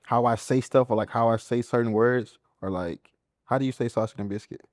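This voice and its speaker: Fast-talking country man from Mississippi. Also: mid-range voice, fairly even intonation, darkish tone, no room sound, clean studio sound. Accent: Southern US, Mississippi country. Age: 20s. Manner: laid-back, humble, slangy storytelling. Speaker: guest, comedian and content creator. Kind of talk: casual interview chat.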